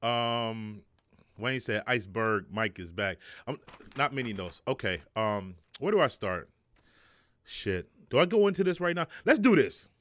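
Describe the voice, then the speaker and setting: Animated profane live-stream host, man. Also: lowish voice, unhurried. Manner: loose, profane, joking, reads chat aloud. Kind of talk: casual live-stream talk.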